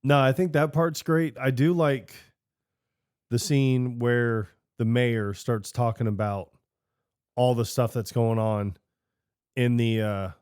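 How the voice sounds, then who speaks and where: Animated man retelling movie scenes. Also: medium pitch, slow pace, clean tone, no echo, studio quality. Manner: animated, acts out movie lines in raised voices. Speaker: podcast co-host. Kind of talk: casual film chat.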